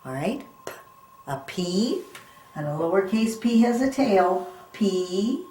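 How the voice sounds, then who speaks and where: A woman's voice: mid-range voice, sing-song, a little slow, dark tone. A woman teaching a phonics lesson to young children, sounding words out letter by letter and coaxing them with questions. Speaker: reading teacher. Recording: echoey room.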